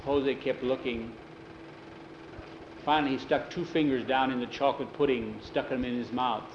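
A man's voice: medium pitch, fairly even intonation, normal speed, lo-fi sound, noisy background. Man telling a homespun story in a roomy space. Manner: conversational, repetitive "he says" tags. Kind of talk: oral storytelling.

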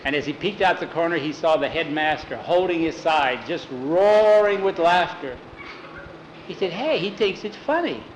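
A folksy male storyteller with a fairly high voice spins a funny tale, putting on voices for the figures. The recording is roomy and echoey, with a faint hiss underneath. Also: normal speed, muffled recording. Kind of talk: oral storytelling. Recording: roomy echo, faint noise.

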